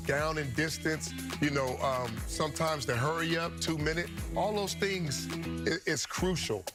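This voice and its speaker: A man's voice: fairly high pitch, measured pace. Man explaining football over a music bed. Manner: explains at length, stumbles and restarts. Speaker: studio analyst. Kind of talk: studio sports talk.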